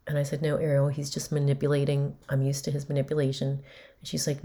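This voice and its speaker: Low-voiced woman telling a personal story. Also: level tone, a little fast, warm tone. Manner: candid, emotional retelling with quoted dialogue. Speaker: podcast host.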